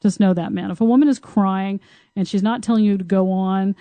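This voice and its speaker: A woman's voice: medium pitch, steady tone, brisk, warm tone, no room sound. A woman co-hosting a podcast who talks frankly and laughs often in casual conversation. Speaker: podcast co-host, tantra teacher.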